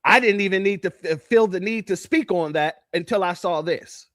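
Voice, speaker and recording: A man's voice: high-pitched, normal speed, fairly bright tone, dry recording, studio quality. A man from California giving casual commentary, laughing often and repeating himself. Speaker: commentary channel host.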